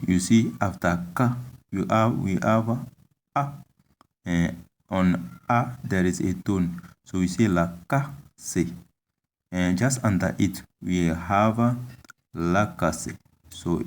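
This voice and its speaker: A man giving a language lesson, speaking haltingly with many fillers and repeating example words. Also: low voice, a little mellow. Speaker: language teacher.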